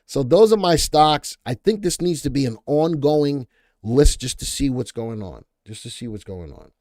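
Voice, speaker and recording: A man's voice: medium pitch, lively intonation, normal speed, a little mellow, no echo, clean studio sound. A man with a Boston accent hosting a live stock market stream, rambling, repeating himself and answering viewer chat as he goes. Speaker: stock market show host.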